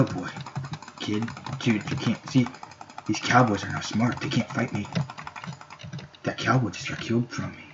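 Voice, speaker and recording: A young man giving goofy, rambling, self-mocking commentary while playing a game, recorded at home on a desktop mic. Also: on the low side. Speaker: gameplay commentator. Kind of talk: casual gameplay commentary. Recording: dull lo-fi home recording with faint noise.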